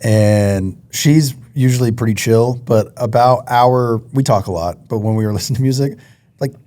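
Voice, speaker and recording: A man in casual podcast chat, telling a story in an easy, relaxed way. His voice is mid-range and plain. He swears offhandedly as he talks. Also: mid-range voice, normal speed. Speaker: podcast co-host.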